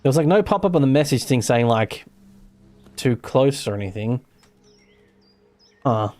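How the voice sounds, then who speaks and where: A man's voice: mid-range voice, animated, moderate pace, a little mellow. An Australian man chatting casually while streaming a game live, rambling and correcting himself, with the odd swear. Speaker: gaming streamer. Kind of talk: casual live gameplay commentary.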